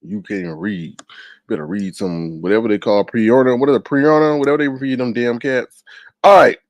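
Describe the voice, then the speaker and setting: A man's voice: normal speed, no echo. A man hosting a live stream, chatting casually, telling stories and teasing viewers in the comments. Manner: animated, jumps into high exaggerated voices when quoting people; reads viewer comments aloud and teases them. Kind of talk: casual storytelling chat.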